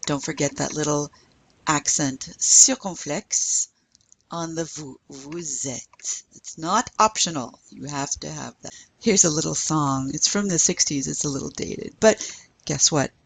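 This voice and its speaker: A woman's voice: low-pitched, moderate pace, vocal fry, a little hiss or hum. A woman teaching a recorded language lesson, carefully modeling pronunciation for learners to repeat. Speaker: French teacher.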